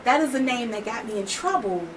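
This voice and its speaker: A woman's voice: on the high side, lively intonation, fairly quick, low-quality recording. A woman co-hosting a radio chat, hesitant and searching for words. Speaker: co-host.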